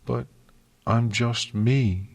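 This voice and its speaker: A man's voice: medium pitch, animated, bright, forceful tone, husky, no echo, pitched above the performer's own voice, full character voice. A man reading an audiobook, voicing a frightened, tearful young female unicorn who whimpers and stammers. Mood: shaken. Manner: whimpering, sniffling, halting.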